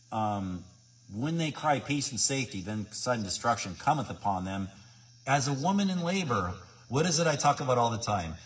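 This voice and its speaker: A man's voice: medium pitch, recorded from a distance. A man preaching informally to his viewers, emphatic and repetitive, full of rhetorical questions. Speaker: independent Bible teacher.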